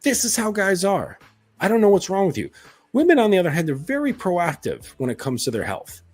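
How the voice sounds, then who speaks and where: A man's voice: high-pitched, wildly swooping pitch, brisk, a little mellow, soft background music. A man coaching other men in a casual monologue, blunt and profane, with many fillers. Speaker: dating and self-improvement coach.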